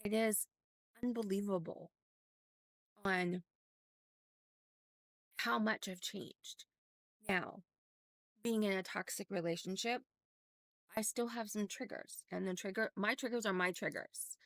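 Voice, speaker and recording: A woman's voice: medium pitch, slow pace, long pauses, a bit bright, dry recording. A middle-aged woman from Oregon, candidly telling a personal story in a rambling vlog with many restarts. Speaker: vlogger.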